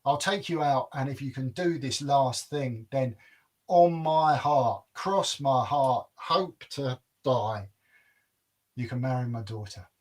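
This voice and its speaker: A man's voice: mid-range voice, slow, darkish tone. A man voicing a bossy, greedy fairy-tale giant in a told folk tale, gloating and drawing out his demands. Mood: teasing.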